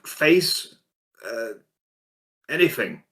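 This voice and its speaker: A man's voice: mid-range voice, big pitch swings, extremely slow, sharp tone. A man playing a character in a tabletop role-playing game, casual and joking. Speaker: player.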